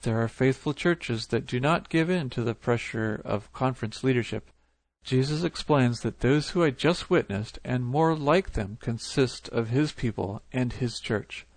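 Male narrator, mid-pitched, for a scripted religious vision reading with steady measured delivery and a dry sound. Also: no echo.

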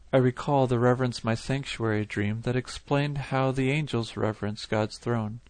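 A man narrating a religious dream account in a steady, measured reading voice. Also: mid-range voice, dry recording. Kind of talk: scripted narration.

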